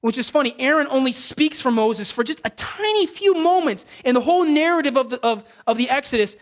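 Male pastor preaching, animated storyteller, keeps restarting his sentences. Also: very high-pitched, fairly quick. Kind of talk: sermon.

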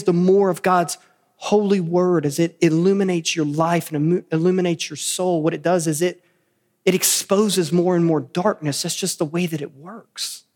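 A man preaching a sermon as pastor, earnest, repeating key phrases and rising to animated emphasis. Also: a little high, long reverb tail. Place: church sanctuary.

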